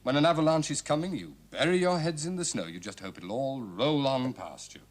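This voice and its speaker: An actor playing an unflappable gentleman detective, cool and dryly ironic, probing with questions in a 1970s TV crime drama. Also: mid-range voice, lively intonation, fairly quick, close to an everyday voice. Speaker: amateur detective.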